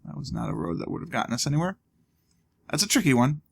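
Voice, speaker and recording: A man with a gravelly, creaky voice talks through a video game in a loose, casual way. He thinks out loud and throws in dry little jokes as he goes. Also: a little high, animated, fast. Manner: thinking aloud, wry asides. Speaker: let's play host. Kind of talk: casual gameplay commentary.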